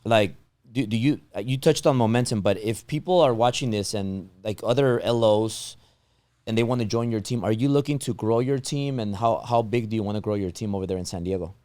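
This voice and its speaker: A man's voice: fairly low pitch, brisk, mellow, dry recording. A man hosting a casual interview, talking with a tired, strained voice he says is going, rambling with many restarts. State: losing his voice, strained throat. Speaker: podcast host.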